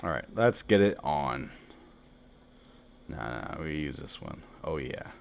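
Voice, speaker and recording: A young man streaming a mobile card game, commenting live with profane trash talk, dropping to mumbles and then shouting at opponents. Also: extremely low pitch, expressive, slow pace, creaky, a little hiss or hum.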